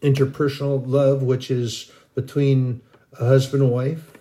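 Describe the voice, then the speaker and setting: A man's voice: mid-range voice, little pitch movement, unhurried, warm tone. A middle-aged man giving an informal, rambling sermon, earnest and full of restarts. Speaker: Christian video preacher.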